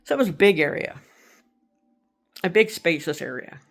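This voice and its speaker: A woman's voice: on the low side, big pitch swings, moderate pace, gravelly. A middle-aged woman casually telling a personal ghost story, rambling and correcting herself as she goes. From Texas. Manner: rambling, self-correcting, conversational.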